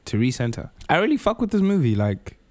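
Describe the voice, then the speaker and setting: A man's voice: a little high, very animated, fast talker, a little mellow. Blunt, enthusiastic man on a podcast. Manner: blunt, enthusiastic, swears freely. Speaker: podcast co-host. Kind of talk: casual chat.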